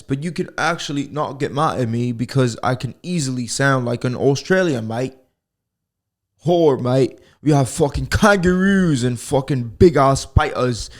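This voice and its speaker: Rambling American man with a gravelly voice. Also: fairly low pitch. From United States. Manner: rambling, profane, joking. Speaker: podcast host. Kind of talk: casual solo podcast monologue. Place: at home, alone. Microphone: podcast microphone.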